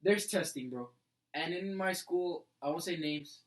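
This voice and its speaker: A young man co-hosting a casual podcast, telling animated school stories full of "like" and "bro.". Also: a little high, a little slow, a little hiss or hum, low-quality recording. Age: young adult. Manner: animated storyteller, fills with "like" and "bro". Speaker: podcast co-host. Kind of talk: casual chat.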